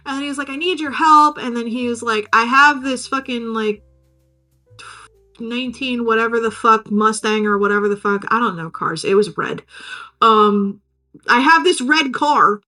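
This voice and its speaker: A woman's voice: a little high, lively intonation, normal speed, bright, forceful tone. A woman co-hosting a podcast, casually recapping a film, swearing freely and acting out the characters in silly voices. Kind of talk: casual chat.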